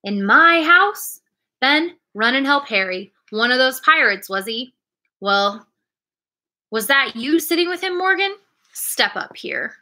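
A hearty, booming one-legged pirate innkeeper, as a woman puts him on, jolly and strong, full of old sailor talk. He stays fairly high and bright for a burly man, as befits a storybook read aloud. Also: lively intonation, a little slow, exaggerated voice.

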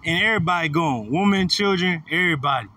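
A man's voice: on the high side, lively intonation, quick pace, pushed and bright. A man leading an informal bible study, teaching with slangy asides and laughter. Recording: distant mic with light noise.

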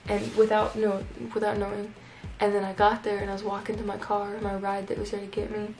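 A young woman tells a story to her camera in a chatty vlog, her voice level and even with a touch of vocal fry. She keeps dropping in "like" as she talks. Faint music plays behind her. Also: mid-range voice, a little fast, rough recording. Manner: chatty, lots of "like" fillers. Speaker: YouTuber.

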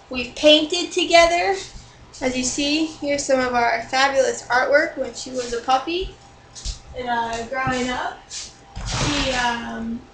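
A woman's voice: sits high, vocal fry, noisy background. Exasperated young woman ranting on her vlog. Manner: exasperated, rambling, swears freely. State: still angry, bruised. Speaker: vlogger. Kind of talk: casual vlog rant.

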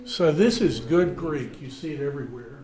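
A man teaching a Greek class, thinking aloud, with many fillers and pauses. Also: fairly high pitch, crowd noise.

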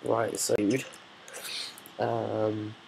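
Gravelly man muttering over game noise. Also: on the low side, monotone, drawn-out words, a little mellow, low-quality recording. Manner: muttering, swearing, thinking aloud while building. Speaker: gameplay video maker. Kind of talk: casual gameplay commentary.

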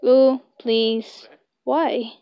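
A young woman reading a web story aloud in slow, halting English, recorded on a close, dry home mic. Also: high voice, fairly even intonation, clean tone, no room sound, lo-fi sound. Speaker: story reader.

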